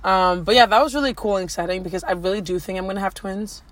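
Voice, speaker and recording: A woman's voice: mid-range voice, fast talker. A woman co-hosting a casual couple's podcast, talking in a loose, rambling way full of "like." She teases her partner playfully and keeps drifting back to her point. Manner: chatty, teasing, rambling with many likes. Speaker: podcast co-host.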